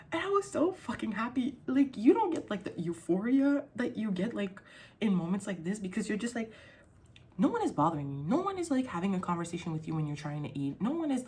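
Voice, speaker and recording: A young adult woman vlogging in casual chat, rambling and swearing freely, her voice jumping up when she gets excited. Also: fairly low pitch.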